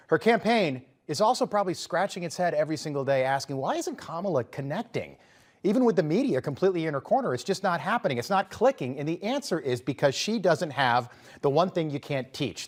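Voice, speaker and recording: A man hosting a political commentary show, talking in a conversational, emphatic way with sarcastic asides. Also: mid-range voice.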